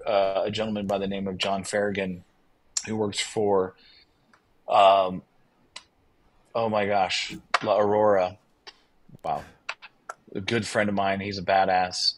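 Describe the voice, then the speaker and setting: A man's voice: lowish voice, unhurried, low-quality recording. A man, a winery owner guest on a podcast, telling his story in a casual, enthusiastic, rambling way. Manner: enthusiastic, rambling, quotes others in lively bursts.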